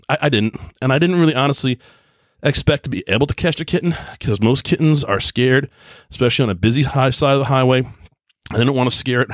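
A man's voice: medium pitch, no echo, studio quality. A man telling a long story casually on his own show, rambling and earnest, often repeating himself. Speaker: podcast host.

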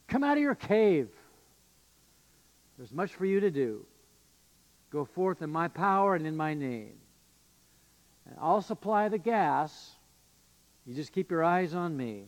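A male pastor giving an earnest, emphatic sermon with occasional fillers and restarts. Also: fairly high pitch. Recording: long reverb of a church hall.

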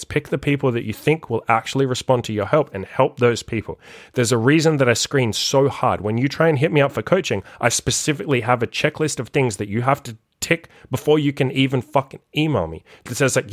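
A man's voice: mid-range voice, no echo, clean studio sound. A man hosting a solo motivational podcast as a life coach, talking bluntly and emphatically and swearing freely.

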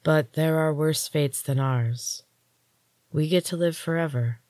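A woman reading aloud, voicing a stony, resigned young woman who speaks slowly and quietly. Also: sits low, no echo. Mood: somber. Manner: slow, quiet, somber.

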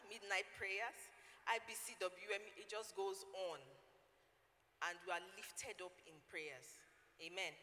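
Nigerian woman preacher, bright and forceful tone, long church reverb, faint noise; emphatic delivery. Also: on the low side. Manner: emphatic, repeats key points, engages the congregation. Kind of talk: sermon.

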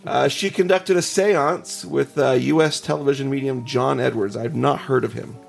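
A man's voice: mid-range voice, fairly even intonation, normal speed, vocal fry, soft background music. A man hosting a casual podcast, reading ghost stories aloud with chuckles and asides. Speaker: podcast host.

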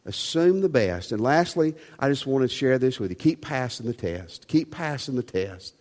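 A pastor preaches emphatically, his mid-range voice a little mellow, with lively intonation and a moderate pace. He leans on rhetorical questions, and the recording carries a long hall reverb.

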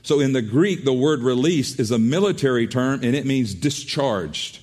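A man's voice: mid-range voice, expressive, normal speed, darkish tone. A man preaching a sermon as pastor, earnest, often repeating and restarting his words.

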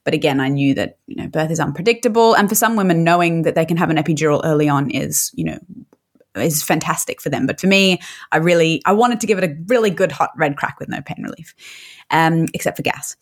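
A woman's voice: low-pitched, fast. A woman guest on a podcast telling her own story in a candid, emotional way, with many restarts. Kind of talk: personal storytelling.

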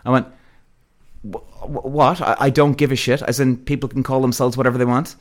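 A man's voice: mid-range voice, flat delivery, brisk. A man hosting a podcast, delivering a blunt, profane rant straight to his listeners. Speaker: podcast host. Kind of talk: ranting monologue to listeners.

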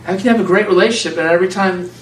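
Man preaching, casual and animated, higher voice, echoey room, heard from a distance, faint room noise. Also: rapid-fire. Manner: conversational, animated, laughs often. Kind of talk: informal sermon to a small group.

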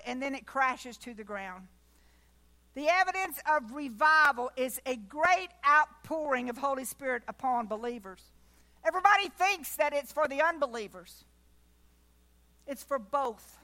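A woman's voice: sits high, bright, forceful tone. A woman giving a folksy church sermon, with chatty asides and jokes along the way. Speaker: preacher.

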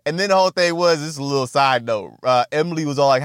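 A young man rants through a movie recap with loud, profane, animated energy, talking straight at the characters. His voice sits high for a man. The recording is dry and close, with no room sound. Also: fast, hardly any pauses, clean tone, dry recording. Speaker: comedic movie reviewer.

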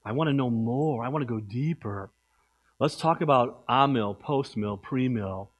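An eager churchman pleads again and again for deeper lessons, as a preacher puts him on. The voice drops low and soft, well under the speaker's usual pitch. The words come out restless and insistent. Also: measured pace, dull audio, lightly acted. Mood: eager pleading. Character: eager adult male churchgoer begging for deeper teaching.

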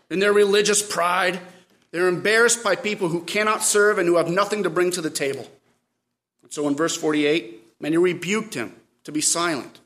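A man preaching a sermon, swinging from loud cries to quiet asides. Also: fairly high pitch. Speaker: pastor.

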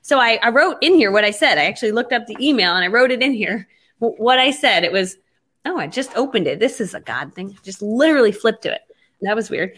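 A woman telling a business story in casual conversation, animated and quick to act out her own past lines. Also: fairly high pitch. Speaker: network marketing entrepreneur.

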